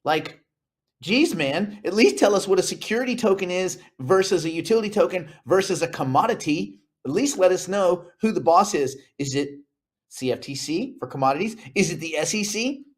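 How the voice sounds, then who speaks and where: A man's voice: high-pitched, lively intonation, normal speed. A man hosting a casual crypto talk show, joking and rambling between topics. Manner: joking, rambling, puts on mock voices. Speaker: host.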